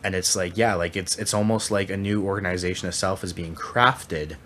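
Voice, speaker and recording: A man's voice: low voice, fairly quick, sharp tone, a little hiss or hum. A Canadian man co-hosting a podcast, chatting casually with lots of fillers and restarts. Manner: rambling, many fillers and restarts. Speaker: podcast co-host. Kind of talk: casual chat.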